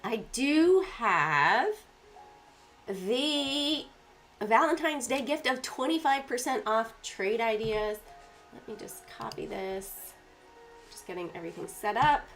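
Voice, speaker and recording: A woman hosting a stock market livestream in a casual, chatty way, congested and often clearing her throat as she walks through her screen setup. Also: fairly high pitch, lively intonation, slow, fairly bright tone, faint music behind.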